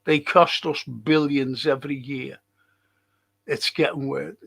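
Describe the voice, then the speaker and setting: A man's voice: mid-range voice, little pitch movement, slow pace, vocal fry, a bit bright, husky. An older man with a Liverpool accent, hosting a live podcast stream, reading viewer comments and telling blunt, sweary, rambling stories. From England. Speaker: podcast host.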